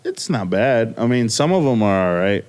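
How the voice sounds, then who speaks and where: A man's voice: medium pitch, big pitch swings, normal speed, darkish tone. A man co-hosting a podcast, joking and teasing in casual banter. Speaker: podcast co-host. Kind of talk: casual chat.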